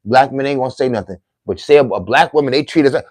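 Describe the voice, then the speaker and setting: Middle-aged man, mid pitch, earnest sermon-like talk to camera viewers, dead dry sound. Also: fast, darkish tone, dry recording. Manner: preachy, emphatic, repetitive phrasing. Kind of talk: heartfelt monologue to viewers.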